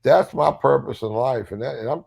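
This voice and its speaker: A man's voice: medium pitch, normal speed, vocal fry, a little mellow. An older man with a Southern US accent, a recovery advocate talking bluntly and profanely in a casual chat.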